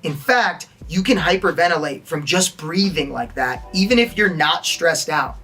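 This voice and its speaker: A man's voice: a little high, expressive, moderate pace, bright, forceful tone, breathy edge, soft background music. A man instructing an online acting course, talking plainly and now and then acting out a line in a different tone to show its effect. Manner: demonstrates tones by acting out short lines. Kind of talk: online lesson.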